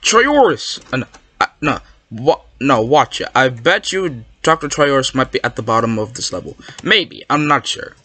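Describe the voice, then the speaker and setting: A gamer giving excitable, rambling commentary while playing, yelping and protesting whenever a trick fools them. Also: mid-range voice, moderate pace. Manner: excitable, yelps and protests when fooled; rambling, self-correcting. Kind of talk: Minecraft gameplay commentary.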